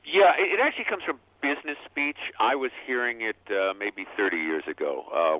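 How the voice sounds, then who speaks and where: A male linguist answering questions on a radio call-in show, halting and repeating himself as he explains. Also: medium pitch, lively intonation. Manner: halting, repeats words often. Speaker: linguist guest. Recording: dry phone-line sound.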